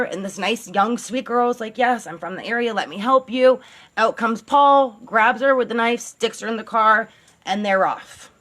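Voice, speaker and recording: A woman's voice: mid-range voice, fairly bright tone. A woman telling a true-crime story as a channel host, in a casual, blunt, sarcastic way, swearing now and then.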